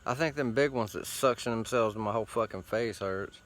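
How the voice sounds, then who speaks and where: A man's voice: fairly low pitch, a little fast. A man hosting a show, rambling casually outdoors while sitting against a tree, with loose, profane, meandering talk full of fillers. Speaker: host.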